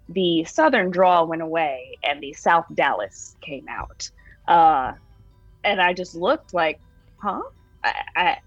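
A young woman with a lowish voice recounts her own story as an interviewee, bringing it to life as she goes. The sound is dull and lo-fi, and very dry. Faint music sits behind her. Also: dry recording. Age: young adult. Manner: animated retelling, voices her own past words.

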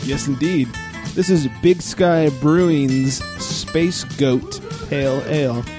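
A man hosting a casual beer podcast, relaxed and chatty, laughing often. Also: a little high, slow, over music. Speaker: podcast host. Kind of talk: casual chat.

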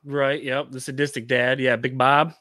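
A man's voice: medium pitch, flat delivery, normal speed, pushed and bright, no room sound, studio quality. A man hosting a casual movie podcast, laughing often and using many "uh" fillers. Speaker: podcast host. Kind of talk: casual movie review chat.

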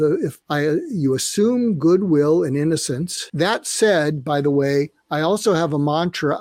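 A man's voice: on the high side, no room sound, studio quality. An older man, a psychiatrist guest on a podcast interview, telling a story animatedly and acting out the dialogue. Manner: animated storyteller who acts out quoted dialogue.

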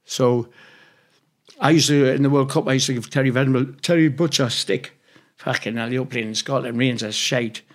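A man from England, here as an interview guest, chats casually and rambles through loose anecdotes. His mid-range voice has fairly even intonation at a normal speed, and he swears freely while acting out quoted dialogue.

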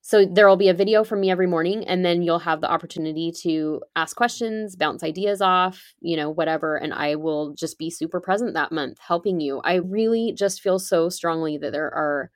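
A woman's voice: low voice, dry recording, studio quality. A woman on a podcast, explaining emergency preparedness step by step in an upbeat, chatty way. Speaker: podcast guest, preparedness expert. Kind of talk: casual podcast conversation.

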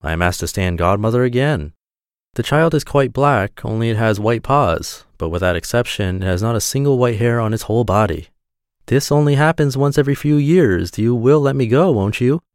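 A man's voice: medium pitch, lively intonation, moderate pace, clean tone, dry recording, studio quality, voice pushed up, close to an everyday voice. A man voicing a sly, greedy female cat in a fairy tale, talking in a coaxing, cool way. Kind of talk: storybook reading.

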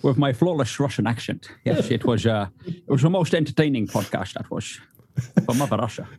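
A man's voice: mid-range voice, animated, brisk, darkish tone, breathy edge. A man guesting on a podcast in casual chat, tossing out dry jokes and laughing. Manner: dry jokey asides, laughs a lot. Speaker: podcast guest, co-host of another show.

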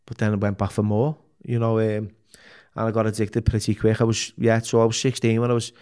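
A man's voice: fairly low pitch, little pitch movement, a little fast, dark tone, clean tone. A middle-aged man, a podcast guest talking candidly, bluntly and full of swearing, often restarting his sentences. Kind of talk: candid interview talk.

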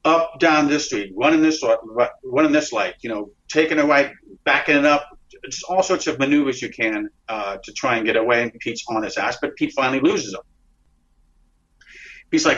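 A man, an interview guest, telling a dramatic story in a rambling, excited way with frequent restarts and swearing. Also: medium pitch, brisk. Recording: dull lo-fi recording.

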